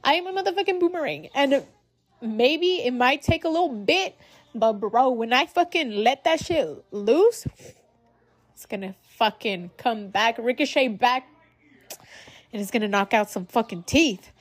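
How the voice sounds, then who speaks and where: A woman's voice: on the high side, lively intonation, unhurried, no echo. A young adult woman hosting her own podcast, talking loosely and profanely and calling her listeners guys. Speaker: podcast host. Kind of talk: casual solo podcast monologue.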